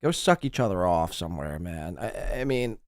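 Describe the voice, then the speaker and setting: A man hosting a live stream, reading out donations and mocking others with animated banter. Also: low voice, normal speed, dry recording, clean studio sound. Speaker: podcast host.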